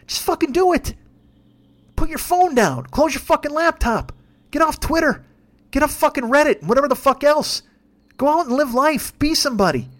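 A man's voice: very high-pitched, lively intonation, fairly quick. A man in his fifties hosting a solo podcast, ranting bluntly and heatedly with constant swearing. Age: 50s. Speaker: podcast host.

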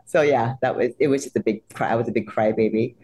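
An actress telling stories in an interview, acting out quotes in a high excited voice and laughing often. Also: female voice, quick pace. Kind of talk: animated interview storytelling.

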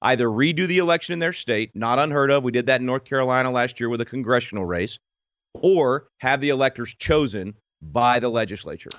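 A man's voice: medium pitch, brisk, a bit bright, dry recording. A male guest commentator who makes his points earnestly and with emphasis. His voice arrives dry and slightly muffled, like a remote link. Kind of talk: remote talk show interview.

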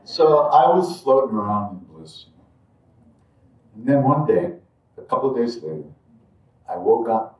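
A man's voice: medium pitch, animated. Reflective man telling a story, distant and echoey. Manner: reflective, halting, many asides like "you know" and "right". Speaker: spiritual speaker telling a personal story. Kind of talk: live storytelling talk to an audience. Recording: roomy echo, distant mic.

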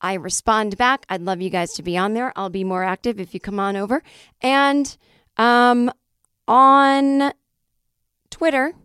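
A woman hosting her own podcast in a solo monologue, cranky and animated, swearing freely as she plugs her shows, her voice not fully recovered, on a close studio mic. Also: mid-range voice, normal speed, smooth, no echo. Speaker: podcast host and comedian.

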